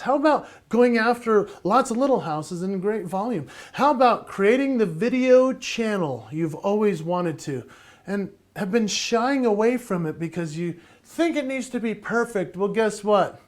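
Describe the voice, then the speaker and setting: A man giving a playful, energetic virtual keynote from his home, laughing often and slightly out of breath. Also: high-pitched, normal speed. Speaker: motivational speaker and entertainer.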